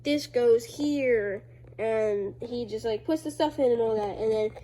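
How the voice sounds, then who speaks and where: A woman casually walking through her own homemade comics, rambling and full of fillers, now and then bursting into loud high character voices. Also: moderate pace. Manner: rambling, filler-heavy, loose storytelling. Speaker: creator reading own comics. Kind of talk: casual chat.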